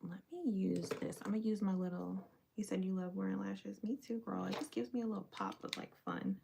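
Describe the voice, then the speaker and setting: Young woman livestreamer, gravelly voice, casual chatty read. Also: mid-range voice, fairly even intonation, brisk, background noise. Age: young adult. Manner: chatty, talks to viewers while doing her makeup.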